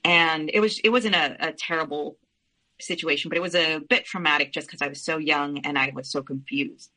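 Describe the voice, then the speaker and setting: A woman's voice: low voice, fairly even intonation, normal speed, bright, forceful tone, rough recording. A woman as a podcast guest, telling a personal family story in an earnest, candid way with frequent restarts.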